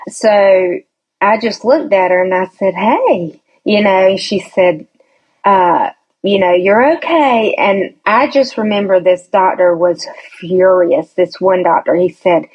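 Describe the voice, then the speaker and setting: Slow-talking woman telling her story. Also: lowish voice, slightly rough, muffled recording. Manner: chatty storyteller who acts out quoted voices, laughs often. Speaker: podcast guest. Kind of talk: casual storytelling interview.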